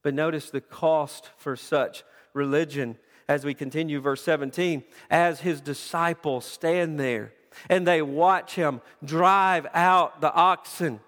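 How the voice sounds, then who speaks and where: A man's voice: fairly high pitch, fairly bright tone. A man preaching a sermon with passion, often repeating words as he builds his point. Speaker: pastor. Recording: long reverb of a large hall.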